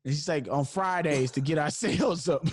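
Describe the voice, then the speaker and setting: A man with a slightly high voice speaks at normal speed over heavy background noise. As a podcast host, he tells a comedic story and animatedly acts out the people's voices.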